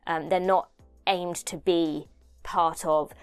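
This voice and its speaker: A woman's voice: lowish voice, steady tone, slow, clear, resonant tone, soft background music. A young woman from the United Kingdom hosting a casual video commentary, chatty and self-deprecating, thinking aloud as she talks. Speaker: host.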